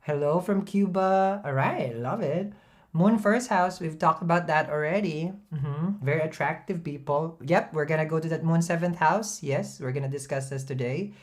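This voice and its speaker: A woman's voice: deep voice, moderate pace. A middle-aged woman, hosting an astrology livestream in a chatty, casual way, reading viewer comments and laughing often.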